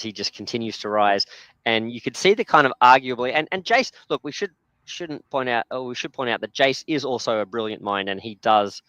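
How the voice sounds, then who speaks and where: A man's voice: medium pitch, fairly bright tone, no room sound. A man hosting a casual chat, rambling with many fillers and restarts. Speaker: podcast host.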